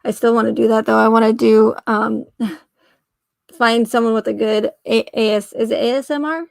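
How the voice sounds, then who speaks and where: A woman's voice: a little high, flat delivery, moderate pace, gravelly, dry recording. A woman hosting a casual livestream, reading aloud and rambling, often trailing off, correcting herself and laughing. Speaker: livestream host.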